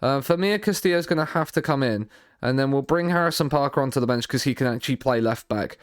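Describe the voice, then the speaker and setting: A man streaming a football management game, thinking out loud in a rambling way, often repeating and restarting his words, with dry sarcastic asides. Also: mid-range voice, fast talker, clean tone, dry recording. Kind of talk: live stream commentary while playing a football manager game.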